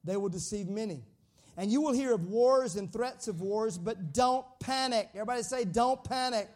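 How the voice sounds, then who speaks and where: A man's voice: sits high, normal speed. A pastor preaching a sermon, joking with the congregation and calling out for them to repeat his words. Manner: lively, joking with the congregation, calls for responses.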